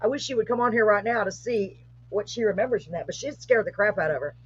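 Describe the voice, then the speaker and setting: A middle-aged woman, hosting a live show and telling a paranormal story in a casual, animated way, with rising excitement. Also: mid-range voice, fast, crowd noise. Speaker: host. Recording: muffled lo-fi live stream audio.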